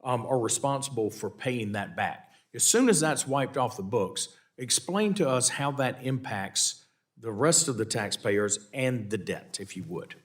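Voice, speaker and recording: A man with a Southern American accent questioning witnesses at a committee hearing, halting and repeating words as he presses his points. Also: mid-range voice, expressive.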